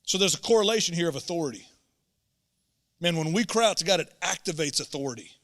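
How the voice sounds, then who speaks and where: A man's voice: on the high side, lively intonation, quick pace, fairly bright tone. Man, pastor, earnest emphatic sermon, church auditorium, long hall reverb. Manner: earnest, emphatic preaching with repeated words.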